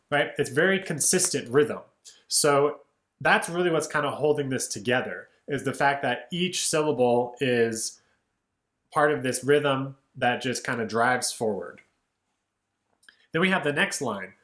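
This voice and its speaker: A man teaching a casual lesson on song lyrics, relaxed and explanatory, often asking "right?" and speaking lines in rhythm. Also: medium pitch, measured pace, reverberant. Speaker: music educator.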